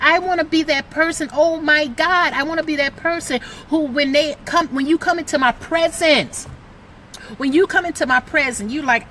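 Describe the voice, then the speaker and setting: Middle-aged woman, motivational vlogger, bright and fairly high, emphatic and chatty. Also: a little hiss or hum. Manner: excitable, emphatic, preachy, lots of "like". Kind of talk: motivational talk to camera.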